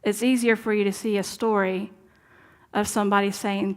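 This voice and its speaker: A woman's voice: mid-range voice, little pitch movement, normal speed. Earnest woman preaching conversationally. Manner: conversational, earnest, drops to soft asides. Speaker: minister. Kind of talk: sermon. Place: church sanctuary.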